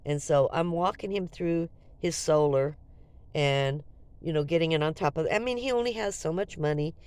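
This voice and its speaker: A woman in her seventies telling a story in a casual vlog, animated and acting out both sides of the conversation, with a cold. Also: low-pitched, moderate pace, smooth. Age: 70s. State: has a cold, coughing. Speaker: vlogger.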